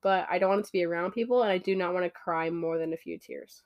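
Fast-talking frank young woman. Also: lowish voice, muffled recording. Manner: frank, blunt, fast and chatty. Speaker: podcast co-host. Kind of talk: casual chat.

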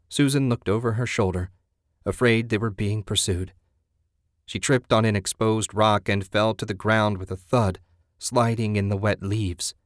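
A man reading a horror story aloud in a steady, grim voice. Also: on the low side, no echo, clean studio sound.

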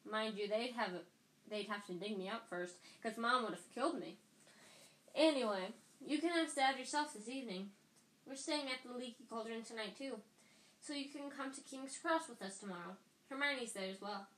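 A woman's voice: a little high, normal speed, fairly bright tone, reverberant, close to an everyday voice, poor audio. A woman voicing a cheeky, joking schoolboy who teases his friends, in a storybook reading. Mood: teasing. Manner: breezy, teasing.

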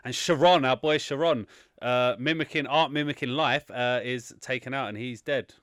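A man's voice: mid-range voice, normal speed, fairly bright tone, no room sound, studio quality. A man hosting a casual film podcast, teasing his friends and rambling through a plot summary. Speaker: podcast host.

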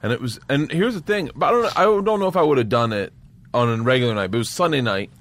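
Laughing, swearing comedian telling stories. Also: male voice, medium pitch, fast talker. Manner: animated storyteller, laughs often, swears freely. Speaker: guest comedian. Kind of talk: casual storytelling chat.

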